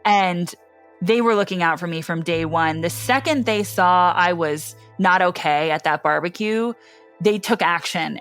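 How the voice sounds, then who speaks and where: A woman with a slightly low voice reflecting on a hard time in her life, speaking earnestly and from the heart in personal testimony. soft music sits faintly underneath. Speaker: interviewee. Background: faint background music.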